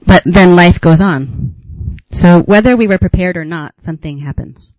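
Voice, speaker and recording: A man from the United States, teaches at a retreat in a reflective, unhurried way, pausing to muse and laughing softly. His voice sits a bit high for a man. It is recorded close and dry, with a slightly dull, lo-fi quality. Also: no room sound. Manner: unhurried and musing, with gentle laughs and pauses. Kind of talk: reflective dharma talk.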